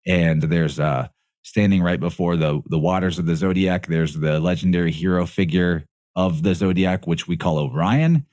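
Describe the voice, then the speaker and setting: A man with a deep, low-pitched voice talks as a podcast guest, recorded close and dry. He explains in a loose, rambling way, stopping to correct himself and laughing between thoughts. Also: moderate pace, darkish tone, no echo. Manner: rambling, self-correcting, laughs often mid-sentence. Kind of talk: casual podcast conversation.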